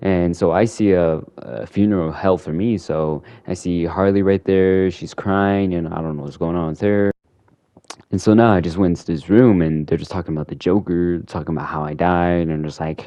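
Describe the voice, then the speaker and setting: A man's voice: low-pitched, steady tone, moderate pace, mellow, no echo. A man who hosts a gaming channel, rambling casually through a recap of a game and filling his talk with "you know" and "like".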